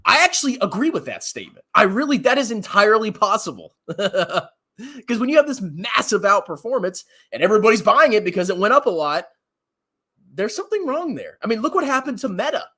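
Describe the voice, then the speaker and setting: A man's voice: sits high, big pitch swings, fairly quick, sharp tone, breathy edge. A man ranting as a finance commentator on a livestream, mocking and laughing often while answering chat questions.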